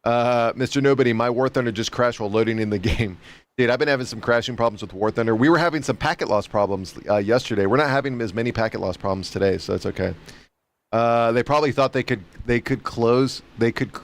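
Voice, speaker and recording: A man's voice: mid-range voice, a little fast. A man chatting casually on a game stream, rambling and repeating himself with chuckling asides. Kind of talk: casual livestream commentary.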